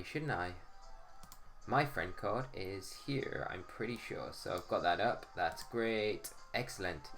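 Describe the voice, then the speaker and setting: A man's voice: on the low side, a bit bright. Chatty man hosting a stream. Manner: chatty, greets viewers by name. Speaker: live-stream host. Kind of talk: casual live-stream chat.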